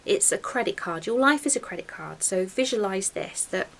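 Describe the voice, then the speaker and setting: A woman's voice: mid-range voice, lively intonation, moderate pace, gravelly, fairly bright tone. Reflective woman giving advice. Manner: encouraging, reflective, gives advice. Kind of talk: casual chat.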